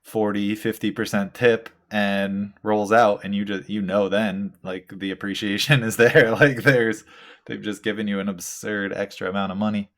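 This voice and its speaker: A laid-back man chatting on a tattoo podcast. His voice sits very low and stays fairly flat. He rambles loosely, leaning on filler words and dropping the occasional curse. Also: normal speed. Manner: reads out listener questions. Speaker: tattoo artist and podcast host. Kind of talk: casual chat.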